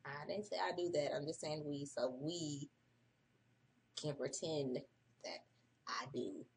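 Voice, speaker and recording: A woman's voice: deep voice, slow pace, creaky, a little hiss or hum. A woman hosting a casual early-morning livestream, profane and chatty, reading an article aloud and breaking off for her own asides. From United States. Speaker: livestream host.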